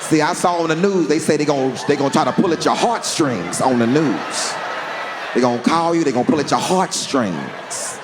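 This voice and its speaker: A man telling a long story on stage as a stand-up comedian, drawling and animated, with deadpan punchlines. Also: on the high side, moderate pace, noisy background. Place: large theater stage. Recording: long hall reverb, faint crowd ambience.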